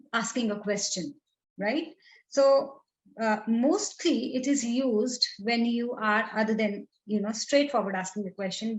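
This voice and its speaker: A woman with an Indian English accent teaching a writing workshop, explaining step by step and often checking in with "right?". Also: fairly high pitch. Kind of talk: online lecture on punctuation. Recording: echoey room.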